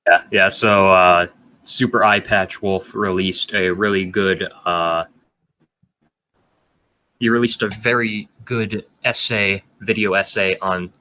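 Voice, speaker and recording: A young man with a low voice and a bright, forceful edge hosts a casual podcast chat. He rambles and fills his talk with "uh" and "like". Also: fairly even intonation, slow pace. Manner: rambling, full of filler words. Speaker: podcast host.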